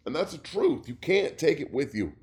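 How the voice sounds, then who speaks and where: Impassioned former football player hosting. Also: male voice, fairly high pitch, big pitch swings, moderate pace, darkish tone. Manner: impassioned, profane, voice rising when upset. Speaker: podcast host, former pro football player. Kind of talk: emotional sports talk monologue. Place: home studio.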